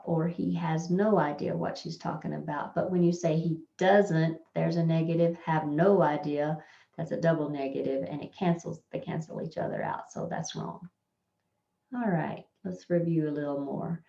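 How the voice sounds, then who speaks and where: Patient woman tutor, mellow low voice, lo-fi roomy sound. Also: moderate pace, vocal fry. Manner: plain, patient, thinks aloud with fillers. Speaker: test prep teacher. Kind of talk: explaining grammar over slides. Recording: echoey, dull lo-fi room recording.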